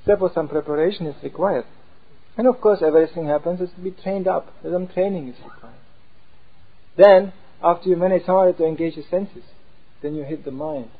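Male preacher, lively talk, raspy tone, tinny phone-line sound. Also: on the high side, brisk. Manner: animated, acts out inner voices. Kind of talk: sermon-style talk.

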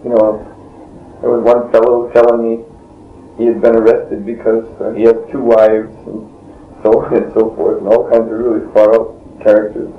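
A man's voice: fairly low pitch, flat delivery, normal speed. Man, interview, rambling story, frequent chuckles, muffled echoey tape. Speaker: monk telling his story in an interview. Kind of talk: casual spoken storytelling. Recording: dull lo-fi tape in a roomy space, faint hiss.

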